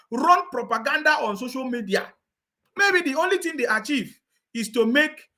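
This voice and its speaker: In a very high-pitched voice with lively intonation and a sharp edge, a political commentator rants online at a moderate pace. He's scornful and insistent, mocks with laughter, and keeps turning to his viewers.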